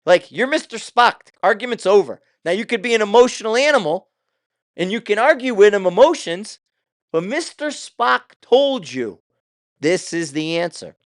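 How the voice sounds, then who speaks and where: A man's voice: high-pitched, very animated, normal speed, no room sound, studio quality. An older man hosting his own show, talking in a casual, rambling way with loose, profane asides. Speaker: show host.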